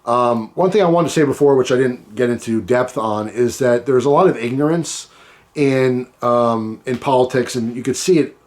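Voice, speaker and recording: A man's voice: mid-range voice, moderate pace, darkish tone. A middle-aged man from the United States talking casually to camera, rambling and often restarting his sentences. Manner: rambling, repeats and restarts himself. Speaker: vlogger. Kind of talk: casual storytime monologue.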